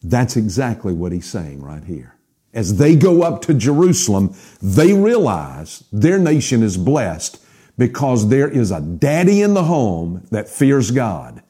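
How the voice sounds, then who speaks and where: A man preaching a sermon, building to emphatic peaks and dropping to hushed lines. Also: medium pitch, wildly swooping pitch, a little slow, breathy edge. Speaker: pastor.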